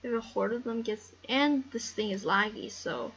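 Husky excitable woman narrating gameplay. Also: on the high side, normal speed, muffled recording. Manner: excitable, rambling, talks to game animals. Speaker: gameplay commentator. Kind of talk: casual game commentary.

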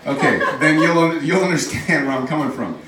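A man's voice: a little high, fairly quick, fairly bright tone, a little hiss or hum. A man doing a stand-up set in a comedy club, rambling, self-mocking and bantering with the audience. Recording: roomy club, mic from far off.

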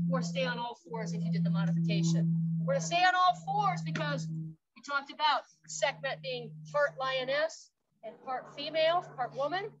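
In dull audio, a woman park guide with a high voice runs an outdoor exercise demonstration. She's upbeat and slightly winded, calling out rep counts and cheering people on.

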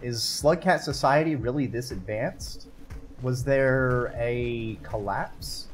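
A man's voice: mid-range voice, takes it slowly, noisy background. A man streaming a video game, talking to himself and his viewers, swearing and yelping at what happens on screen. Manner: excitable, swears and yelps at the game. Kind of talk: casual gameplay commentary.

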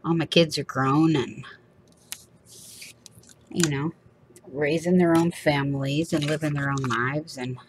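A woman's voice: sits low, steady tone, a little slow, pauses often, a little hiss or hum. A woman, chatting casually and rambling with laughs while she crafts for her channel. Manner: rambling, chatty, laughs often, acts out little quoted voices.

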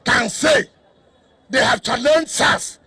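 A man with a Nigerian accent, a state governor addressing a crowd in a loud, defiant, repetitive way. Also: very high-pitched, slow, gravelly, breathy edge. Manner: repeats himself, cuts in with "hold on"; defiant, declamatory.

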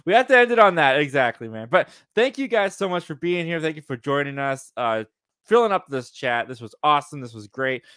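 A man's voice: a little high, lively intonation, a little fast, a bit bright, clean tone, no room sound, studio quality. A man hosting a movie livestream, chatting casually and upbeat as he thanks viewers and his guest. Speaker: livestream host. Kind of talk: casual chat.

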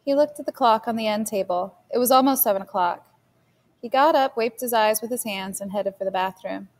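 A woman teacher reading a novel chapter aloud for her class in a steady storytelling manner. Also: a little high, brisk. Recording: long reverb.

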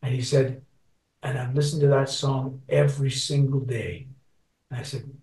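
A man's voice: mid-range voice, fairly even intonation, normal speed, gravelly, darkish tone. A man in his sixties, from Scotland and raised in Canada, telling stories as an interview guest and rambling with many restarts. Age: 60s. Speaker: guest musician. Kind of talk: interview storytelling. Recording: roomy sound, distant from mic.

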